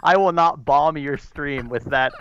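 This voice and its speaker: A man's voice: on the high side, a little slow, highs cut off, a crowd in the background. A man joining a tech live stream as a guest, chatting in a friendly, laughing way. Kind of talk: casual live stream chat.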